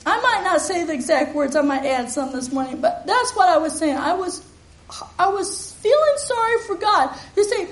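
High-voiced woman preaching in an echoey room. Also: animated, moderate pace. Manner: earnest, emphatic, with spoken responses from the congregation. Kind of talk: sermon.

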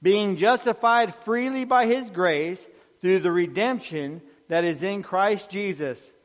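A man preaching an earnest sermon, dropping soft on key phrases. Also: high-pitched, slow pace, big-room sound.

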